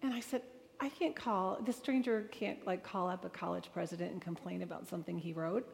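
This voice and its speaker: A woman's voice: lowish voice, fairly even intonation, brisk, creaky. A woman giving a personal testimony talk to an audience, telling her story earnestly and emotionally with vivid retold dialogue. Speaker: speaker addressing an audience. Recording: long reverb of a large hall.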